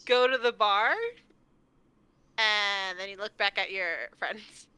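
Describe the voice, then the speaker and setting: Bright, teasing woman game master. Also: mid-range voice, steady tone, takes it slowly, smooth, no room sound, rough recording. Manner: teasing, playful, laughing. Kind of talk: narrating a tabletop game.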